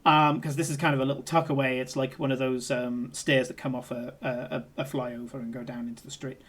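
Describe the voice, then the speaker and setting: A man's voice: mid-range voice, little pitch movement, brisk, a bit bright. A man narrating as game master of a tabletop game, rambling with many fillers and swearing freely.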